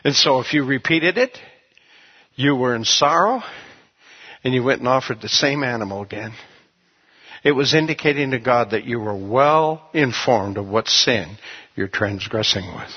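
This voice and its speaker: A man's voice: mid-range voice, expressive, moderate pace, slightly rough, highs cut off. A man preaching a sermon as a pastor, in a conversational, storytelling way.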